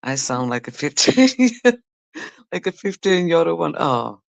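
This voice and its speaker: A woman's voice: low voice, sing-song, slow, creaky, no echo. A woman livestreaming, casually chatting with her audience and reading comments, teasing viewers with laughter and the odd swear word. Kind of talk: casual chat with a live audience.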